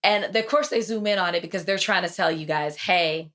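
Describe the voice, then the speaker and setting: A woman hosts a podcast in a casual, chatty recap, telling stories with animated energy. She slips into quoted lines with sudden jumps in pitch. Her everyday voice sits a little low. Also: fairly quick. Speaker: podcast host.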